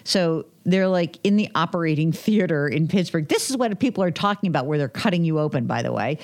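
Woman on a podcast telling money stories, lowish voice, lots of like and you know, does the voices of people she quotes. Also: animated, brisk, a little mellow. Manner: chatty, acts out quoted dialogue, many fillers. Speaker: guest, personal finance author. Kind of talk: conversational podcast storytelling.

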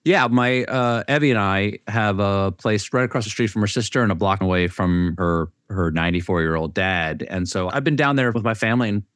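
A middle-aged man from South Carolina with a fairly low voice tells stories at an easy pace. He speaks as a guest in casual chat with thoughtful asides. The sound is dry and close. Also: a little fast, hardly any pauses, dry recording. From Charleston, South Carolina. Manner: relaxed storytelling, thoughtful asides.

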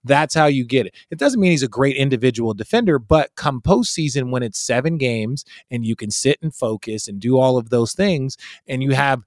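Male host, casual sports banter, emphatic and animated, swears, dry close sound. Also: mid-range voice, moderate pace, few pauses, no echo.

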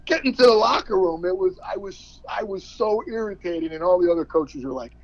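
A football coach as a podcast guest, talking excitably, repeating words and laughing often. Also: male voice, high voice, fairly quick, creaky, dull audio, a little hiss or hum. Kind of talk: casual podcast interview.

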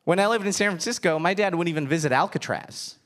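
A man in his thirties, a stand-up comedian, talking in an animated, self-mocking way with frequent laughter. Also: high-pitched, quick pace. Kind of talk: stand-up set, then interview.

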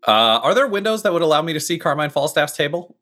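Male player, animated pitch, sharp bright tone, casual. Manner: quick, plain questions and plans. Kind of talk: casual tabletop play.

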